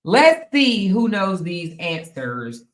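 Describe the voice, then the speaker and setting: A woman's voice: on the low side, big pitch swings, slow. A woman hosting a casual live stream, chatting straight to viewers and laughing often. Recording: echoey room.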